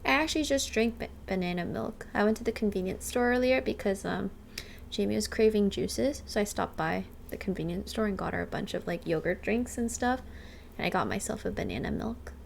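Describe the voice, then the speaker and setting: A woman's voice: medium pitch, animated, brisk, gravelly, slight background noise. A woman in her twenties chatting casually with her stream viewers, bubbly and full of "like", thanking subscribers by name. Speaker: livestreamer. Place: rented apartment.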